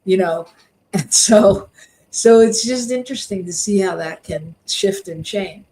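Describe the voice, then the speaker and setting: A woman's voice: medium pitch, measured pace, warm tone, poor audio. A woman co-host of a spiritual talk show, chatting and telling a story with frequent restarts.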